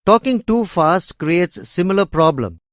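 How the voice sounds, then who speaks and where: A man reading educational course material aloud in a measured, deliberate way. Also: high voice, very animated, no echo, studio quality. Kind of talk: scripted educational narration.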